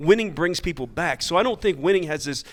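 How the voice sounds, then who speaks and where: A man coaching baseball, talking on a coaches' panel in a halting, searching way, often repeating words. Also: fairly high pitch, lively intonation, fairly bright tone. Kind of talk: casual panel chat.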